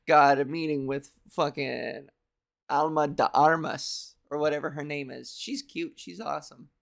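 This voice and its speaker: A young Canadian woman hosts a comedy live stream, delivering a casual monologue that's rambling, profane and self-deprecating. Her scratchy, cartoony voice is low-pitched and creaky.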